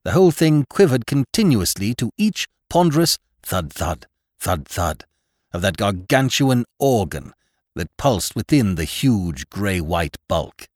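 A male audiobook narrator with a low voice reads a first-person horror tale in a hushed, suspenseful way. His pitch moves a lot, sinking to near whispers and rising sharply on the tense moments. The sound is close and dry, with no room around it. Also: very animated, a little slow, dry recording. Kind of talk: dramatic first-person story reading.

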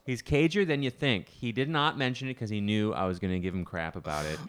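A man's voice: on the low side, brisk, smooth. A man hosting a podcast, casually telling a rambling, wry story and often correcting himself mid-sentence. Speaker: podcast host.

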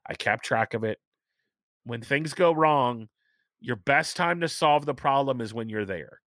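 A middle-aged man hosting a casual chat, talking chattily and stressing key points by slowing down. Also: mid-range voice, lively intonation, fairly bright tone, no room sound, studio quality. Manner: chatty, emphatic, repeats points slowly for stress.

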